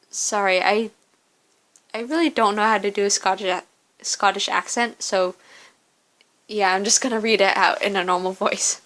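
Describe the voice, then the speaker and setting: A woman reading an interactive story game aloud in a steady second-person narration, with casual asides about the game screens. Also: mid-range voice, moderate pace, long pauses.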